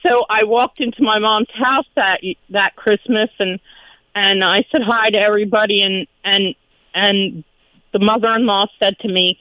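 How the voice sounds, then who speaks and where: A woman's voice: medium pitch, fairly even intonation, normal speed, bright, forceful tone, no room sound, highs cut off. A woman calling in to a radio show, chatty and giggling as she tells a long story. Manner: chatty storyteller, giggles through her telling. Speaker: caller. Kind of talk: casual phone-in chat.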